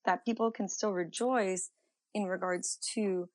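A young woman answering interview questions thoughtfully, pausing often with fillers. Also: medium pitch, fairly even intonation, dry recording, poor audio. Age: young adult. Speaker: guest.

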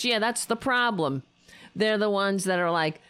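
A woman's voice: medium pitch, animated, normal speed, fairly bright tone, clean tone, no room sound. A woman hosting a political talk show, ranting with profane, sarcastic mockery. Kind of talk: angry political commentary.

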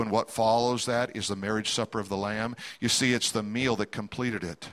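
A man's voice: mid-range voice, fairly even intonation, brisk, hardly any pauses, a bit bright. A middle-aged man preaching a sermon, telling stories and acting out the people he quotes. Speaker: pastor.

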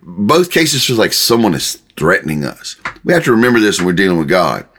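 A male pastor, preaching a sermon with animated delivery and sudden jumps in pitch when voicing God. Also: brisk, husky. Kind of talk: podcast sermon teaching.

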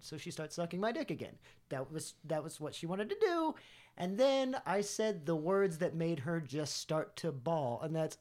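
Higher-voiced man telling a rambling story. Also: lively intonation, moderate pace, darkish tone. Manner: rambling, with repeated restarts. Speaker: podcast guest. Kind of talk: casual storytelling.

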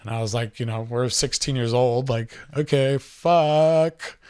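A man's voice: medium pitch, flat delivery, moderate pace, a little mellow. A young man telling a personal story in a loose, rambling way, full of filler words and swearing.

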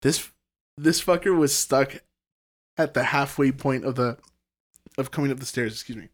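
A young man appearing as a podcast guest tells a ghost story in casual chat, using a mid-range voice at a moderate pace. He rambles, filling his speech with fillers and swearing.

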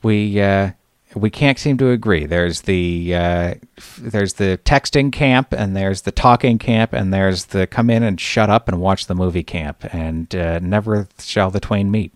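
A man's voice: deep voice, a little slow, no room sound, clean studio sound. A middle-aged man hosting a podcast, telling stories in a wry, exasperated way during casual chat. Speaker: podcast host.

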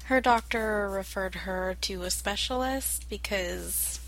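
A young adult woman in casual chat, talking slowly and hesitantly with many fillers. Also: medium pitch, fairly bright tone, low-quality recording. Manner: slow, hesitant, lots of fillers.

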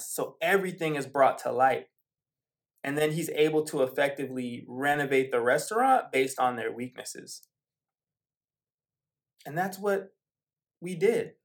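A man talks football on his own podcast in a loose, rambling monologue. His voice is mid-pitched and ordinary, and his pace jumps between quick bursts and slow, drawn-out stretches. He keeps it casual, full of "um"s and side stories. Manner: rambling, conversational, with frequent fillers and asides. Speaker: podcast host. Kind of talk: casual sports commentary monologue.

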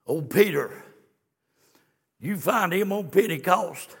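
A man preaching a fiery sermon, swinging from hushed storytelling to shouted exclamations. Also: sits high, lively intonation, slow, creaky, husky. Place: church sanctuary. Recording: long church reverb.

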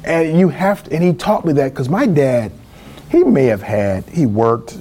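A middle-aged man from California, telling a personal story as a guest in a casual interview, animated and acting out family members. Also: fairly high pitch, a little slow, a little hiss or hum. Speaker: guest, small business speaker.

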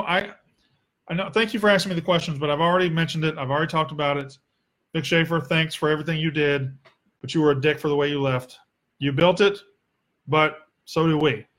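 Young Southern man, a fairly high voice, blunt and sarcastic, casual Q&A host who swears freely. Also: a bit bright. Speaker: sports podcast host. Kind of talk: casual solo Q&A.

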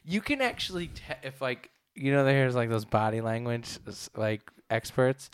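A man's voice: mid-range voice, lively intonation, moderate pace, clear, resonant tone, no room sound. A young man co-hosting a casual sports chat, loose and profane, rambling with restarts. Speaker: podcast co-host.

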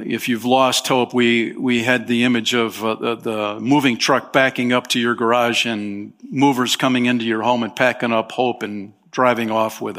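A man's voice: mid-range voice, creaky, fairly bright tone. A man preaching a sermon as pastor of his church, talking in a conversational way with small fillers and emphatic rises.

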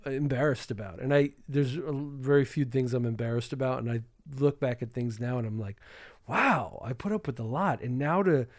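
A man's voice: medium pitch, normal speed, no room sound, clean studio sound. A man in casual chat, speaking in a reflective, rueful way about a past friendship.

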